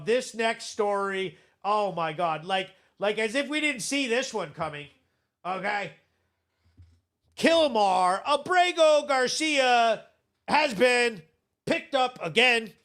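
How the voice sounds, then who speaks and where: A man's voice: high voice, a bit bright. A man hosting a live show, ranting bluntly and sarcastically in casual commentary, swearing freely. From Vermont.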